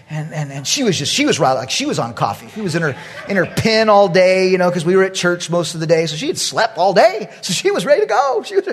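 A male pastor preaching a sermon. He tells his story with animated energy, jumping from loud bursts to hushed asides. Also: sits high.

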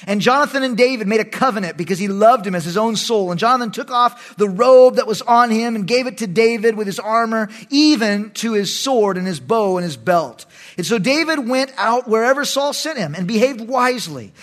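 Pastor, male, high-pitched, reads the text then drops into casual, joking side comments. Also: lively intonation, a little fast, fairly bright tone. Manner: reads scripture aloud, breaks off for casual asides and jokes. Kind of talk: Bible study reading with commentary.

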